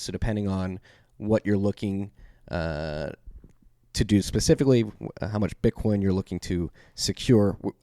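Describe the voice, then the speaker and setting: In a clean studio with no room sound, a man with a Philadelphia accent opens his podcast and handles the sponsor reads. His voice is deep and dark. He keeps things loose and offhand, stumbling through fillers and fixing his own wording.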